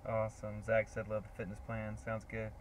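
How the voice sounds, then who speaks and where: Relaxed man reading out viewer comments. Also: fairly low pitch, normal speed, slight background noise. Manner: relaxed, reads comments out with fillers. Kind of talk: casual livestream chat.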